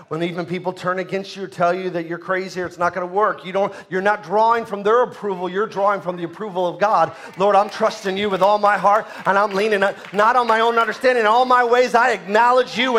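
A male pastor delivers an emphatic sermon, his voice sitting high as he swings from loud bursts to soft asides. He keeps posing questions to the congregation.

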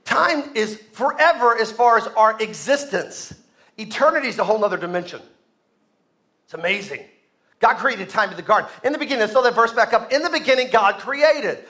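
A man preaching a sermon to a congregation, joking and animated, often asking the room to respond. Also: very high voice, normal speed. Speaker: pastor. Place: church sanctuary with congregation.

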